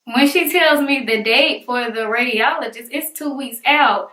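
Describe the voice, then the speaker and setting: A young woman tells her story straight to camera, animated and dramatic, slipping into other people's voices. Her voice is bright and a touch high. The room around her is echoey. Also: measured pace. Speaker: vlogger. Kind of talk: storytelling vlog.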